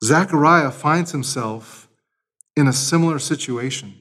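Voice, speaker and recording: A man's voice: on the high side, unhurried, a bit bright. A man preaching a sermon, explaining scripture and telling stories with acted-out voices. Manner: storytelling, acts out voices in anecdotes. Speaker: pastor.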